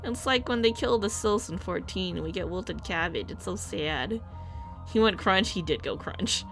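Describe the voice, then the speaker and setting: A woman's voice: lowish voice, expressive, normal speed, faint music behind. A young woman streaming a game, chatting casually and animatedly, swearing now and then.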